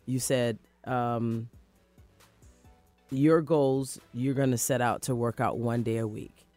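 An upbeat, motivational adult speaker on a talk radio show, talking casually and acting out quoted thoughts. The voice sits at a middle pitch and is recorded close and dry, with faint music under it. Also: fairly even intonation, slow, dark tone, no room sound.

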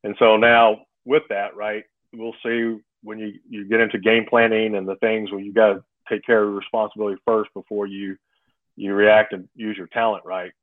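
A man's voice: lowish voice, little pitch movement, moderate pace, no echo. A man in his fifties, a former football player, talking as a guest in a casual interview. He rambles, restarts often and keeps asking "right?". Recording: phone-like remote call, dry.

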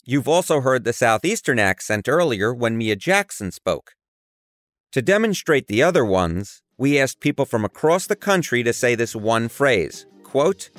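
A young man with a New York accent narrates a podcast with a playful, jokey edge. His pitch swings up and down as he talks. The sound is dry and close. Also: a bit bright, no echo. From New York area. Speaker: podcast host. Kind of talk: scripted podcast narration and chat.

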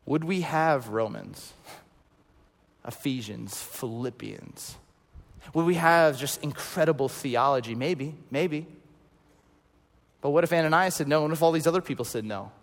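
A male pastor in his thirties preaching a sermon, telling stories and swinging from loud to hushed. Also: fairly high pitch, measured pace, pauses often, long reverb tail.

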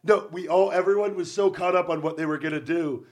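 A man's voice: high voice, steady tone, darkish tone. A man in his thirties hosting a podcast, speaking earnestly and encouragingly in casual chat. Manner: earnest, encouraging, quick to agree. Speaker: podcast host.

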